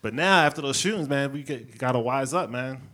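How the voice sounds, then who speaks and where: A man from Brooklyn doing a stand-up set on a club stage, telling stories with lively character bits and laughing at his own jokes. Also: medium pitch, a little fast. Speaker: stand-up comedian.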